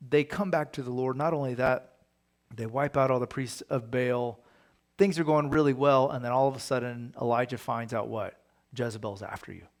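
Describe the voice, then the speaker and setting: A man's voice: medium pitch, steady tone, normal speed. A man, a pastor, teaching a Bible study in a casual, conversational way, often asking his listeners rhetorical questions.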